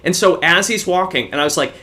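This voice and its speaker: A man's voice: high voice, quick pace, pushed and bright. A young man, a podcast co-host, telling a profane story in casual chat.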